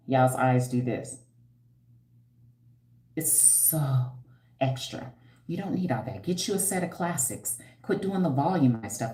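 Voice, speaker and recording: A woman's voice: low-pitched, warm tone, echoey room, rough recording. A woman in her fifties hosting a live stream, talking bluntly and with sass as she lectures viewers and answers their comments. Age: 50s. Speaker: livestream host.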